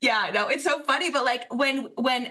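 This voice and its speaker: A woman's voice: high voice, normal speed. A woman guest in casual podcast chat, telling stories animatedly and acting out quotes. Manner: animated storyteller, lots of fillers and restarts, acts out quotes.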